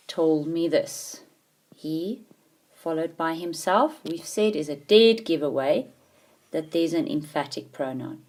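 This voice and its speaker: Female teacher, low-ish mellow voice, patient explainer with punchy emphasis. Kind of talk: grammar lesson.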